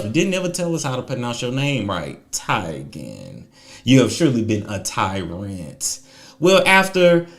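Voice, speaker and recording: A man hosting a celebrity gossip show, sassy and mocking, swinging between loud jabs and low muttering. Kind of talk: casual commentary monologue.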